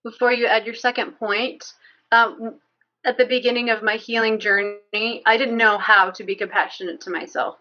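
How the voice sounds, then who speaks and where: A woman in a book club discussion, speaking in a warm, affirming way. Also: mid-range voice, highs cut off. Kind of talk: casual group discussion.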